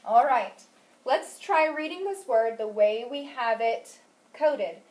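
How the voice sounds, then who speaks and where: A woman's voice: fairly high pitch, expressive, slow, darkish tone. A woman teaching a phonics lesson, asking questions and praising answers patiently. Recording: echoey room, mic at a distance.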